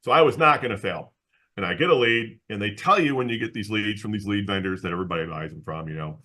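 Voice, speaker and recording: A man with a low, forceful voice tells a story as a guest in an interview, jumping into the voices of the people he quotes. He laughs often and restarts his sentences as he goes. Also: fast. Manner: animated storyteller who acts out the people he quotes. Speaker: guest, insurance agency owner.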